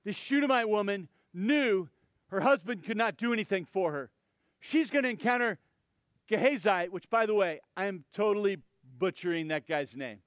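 A male pastor preaching a sermon, animated and conversational, with chatty asides to the congregation. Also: high-pitched, moderate pace, no room sound, dull audio.

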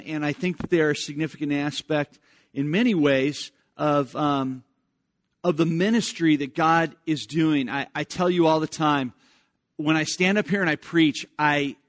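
A pastor delivering a sermon in a somewhat high-pitched voice. He stumbles over his starts, repeating a word before the sentence comes. When he reads scripture his voice climbs and grows loud.

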